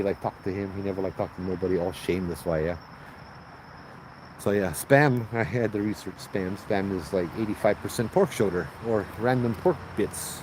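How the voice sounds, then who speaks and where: A man with a Hawaiian Pidgin accent hosting a livestream, telling a ghost story in a lively way and putting on high voices for the people in it. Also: a little hiss or hum, low-quality recording. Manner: animated, acts out voices in high pitch. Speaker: host telling ghost stories.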